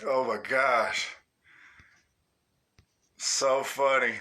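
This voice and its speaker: A man's voice: mid-range voice, steady tone, drawn-out words, sharp tone. A man hosting a livestream, reading out viewer comments in a laid-back, slangy, profane way and cracking up often. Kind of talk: casual livestream chat.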